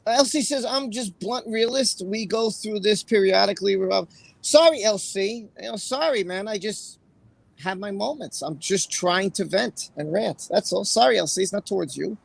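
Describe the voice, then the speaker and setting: A livestream host chats casually in a high, husky voice with vocal fry, speaking at a moderate pace. He sounds emotional and apologetic and reads viewers' comments aloud by name. The audio is poor but has no echo.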